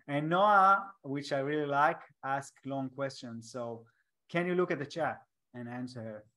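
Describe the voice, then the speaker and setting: A podcast host with an Israeli accent talks over a video call. He is a man whose first language is Hebrew, and his English comes in halting bits with restarts and odd grammar. His voice sits at a middle pitch. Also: bright, forceful tone. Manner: halting, restarts often, non-native grammar.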